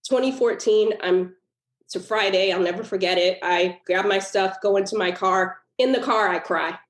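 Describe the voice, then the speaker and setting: Woman guest, mid-pitched, pouring out an emotional personal story; echoey room. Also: moderate pace. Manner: earnest and emotional, with laughs breaking into the telling. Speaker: guest author. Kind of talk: personal storytelling in a podcast interview. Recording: roomy echo.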